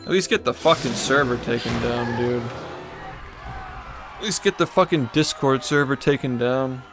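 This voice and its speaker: A man's voice: medium pitch, normal speed, over music. A man streaming from home, ranting angrily and swearing a lot at the people who harass him. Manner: angry, profane ranting. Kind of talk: livestream rant.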